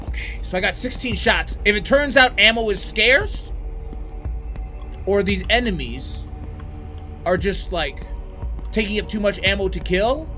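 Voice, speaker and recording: Animated man shouting through a horror game. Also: sits high, a little slow, pauses often. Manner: animated, crude, bursts into shouting when startled. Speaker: gaming YouTuber. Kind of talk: let's play commentary. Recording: game music playing behind.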